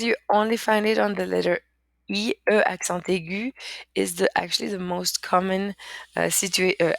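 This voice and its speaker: A woman's voice: medium pitch, creaky, no echo, clean studio sound. A woman teaching a language lesson in English, patiently repeating words and often saying "okay". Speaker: French teacher.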